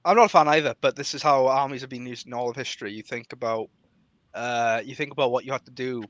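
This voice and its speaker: A man hosting a casual political podcast chat, animated and quick to laugh, jumping up in pitch when he jokes. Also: dry recording, muffled recording. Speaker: podcast host.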